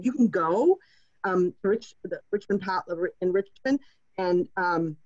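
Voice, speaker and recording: A woman's voice: fairly low pitch, lively intonation, normal speed, a little mellow, highs cut off. A woman giving a casual online class, talking in a chatty, digressive way that slips into rants. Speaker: class presenter. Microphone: video call.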